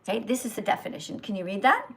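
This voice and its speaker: An older woman hosting a livestream, lecturing and correcting a reader's pronunciation slowly and sternly. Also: mid-range voice, sing-song, gravelly, fairly bright tone, breathy edge. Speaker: host, vegan teacher. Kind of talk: livestream reading lesson.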